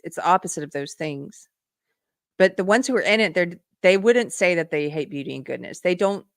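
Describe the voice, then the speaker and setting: Low-voiced woman hosting a live commentary stream. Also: dry recording, studio quality. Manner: earnest, asks rhetorical questions to viewers; reads viewer comments aloud. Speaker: political commentary host.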